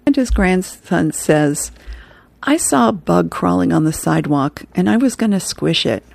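A woman's voice: on the low side, expressive, unhurried, gravelly, a little mellow, husky, no room sound. A woman host reading newspaper comic strips aloud, chuckling between them.

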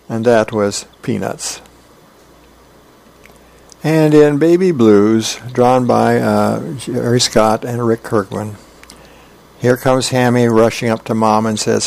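A man volunteering as a radio reader, reading newspaper comics aloud in a plain, unhurried way. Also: mid-range voice, steady tone, gravelly, darkish tone. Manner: plain, unhurried storytelling with small fillers.

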